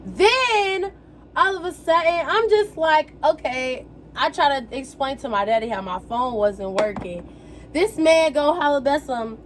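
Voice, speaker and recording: Animated high-voiced young woman vlogger. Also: measured pace, a little hiss or hum. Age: young adult. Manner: animated, slangy storytelling with quoted exclamations. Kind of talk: casual storytelling while getting ready.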